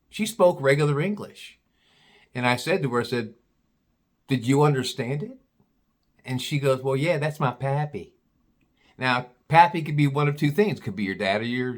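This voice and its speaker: A man's voice: medium pitch, expressive, moderate pace. Rambling, profane male storyteller from Ohio. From Cincinnati, Ohio. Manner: rambling, profane, repeats himself. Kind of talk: casual spoken storytelling.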